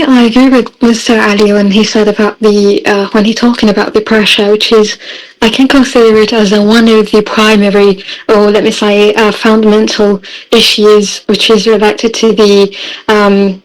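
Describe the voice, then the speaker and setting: A woman taking part in a group discussion, polite and careful, often pausing to search for words. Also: mid-range voice, rough recording. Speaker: workshop participant.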